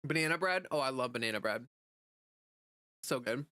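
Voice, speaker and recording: Chatty woman streaming, bright tense voice, dry close sound, reads chat and rambles. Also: extremely low pitch, lively intonation, moderate pace, no room sound. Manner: chatty, answers chat messages, many "like" fillers. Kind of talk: casual livestream chat.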